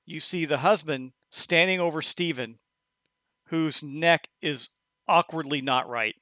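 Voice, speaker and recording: A man narrating as game master of a tabletop horror game, talking in halting bursts with many restarts. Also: on the high side, sharp tone, no room sound.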